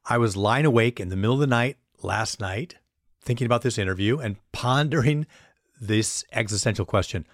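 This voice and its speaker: A man's voice: mid-range voice, fairly quick, no echo, clean studio sound. Playful man hosting an interview. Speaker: podcast host. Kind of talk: interview questions.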